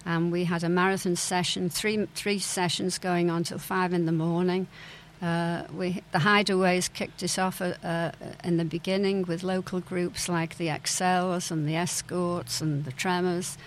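A woman's voice: lowish voice, little pitch movement, a little slow, slight background noise, low-quality recording. An older woman telling stories from her past in an interview, hesitant, with many fillers and restarts. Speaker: interview guest, former club owner's daughter. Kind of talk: reminiscing interview.

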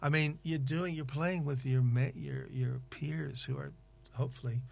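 A man interviewing in casual conversation, rambling and halting with many fillers and restarts. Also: mid-range voice, steady tone, vocal fry.

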